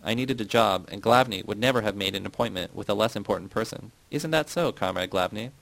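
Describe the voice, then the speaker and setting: A man reading the part of a sarcastic, bitter former prisoner in an audiobook, with a gravelly voice. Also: on the low side, a little fast, a bit bright, rough recording. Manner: sarcastic, mocking.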